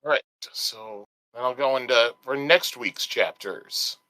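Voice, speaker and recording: A man's voice: mid-range voice, measured pace, pushed and bright, no echo, low-quality recording. A man co-hosting a podcast in casual chat, explaining things in a rambling way with restarts. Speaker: podcast co-host.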